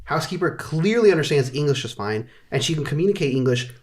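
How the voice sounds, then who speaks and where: A man's voice: fairly high pitch, fast talker. A man co-hosting a movie podcast, chatting casually and nitpicking a film while acting out lines in a mocking voice. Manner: animated nitpicking, acts out quotes. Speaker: podcast co-host. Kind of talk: casual chat.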